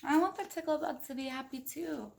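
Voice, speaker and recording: A woman's voice: high voice, brisk, creaky, slight background noise. A woman reading a children's storybook aloud, playful and chatty, asking the listeners questions along the way. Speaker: storybook reader.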